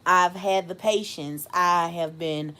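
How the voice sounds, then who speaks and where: A woman's voice: fairly low pitch, steady tone, slow pace, sharp tone, smooth. A woman hosting a live stream, casually telling a story to her chat, laughing often and acting out the voices of people she quotes.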